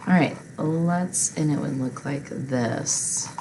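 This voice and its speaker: A woman's voice: deep voice, slow, a little mellow, a little hiss or hum, poor audio. A woman teacher patiently walking learners through a recorded reading lesson step by step.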